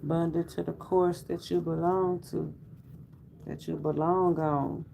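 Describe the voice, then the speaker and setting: A man's voice: on the high side, little pitch movement, slow pace, gravelly, mellow, slight background noise, rough recording. A man giving a casual tarot reading to viewers, talking in a loose, repetitive, preacher-like rhythm with asides to the audience. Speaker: tarot reader.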